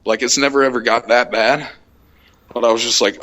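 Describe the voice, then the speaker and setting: A young adult man hosting a casual podcast, telling a heated, profane road-rage story and acting out the shouting. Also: mid-range voice, fairly even intonation, brisk. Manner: profane, heated retelling, acts out shouted quotes. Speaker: podcast host.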